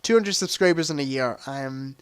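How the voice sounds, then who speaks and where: A man's voice: mid-range voice, moderate pace, clean tone, no echo. A young man hosting a casual livestream quiz, chatty, reading out answer options and adding joking asides. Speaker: livestream host.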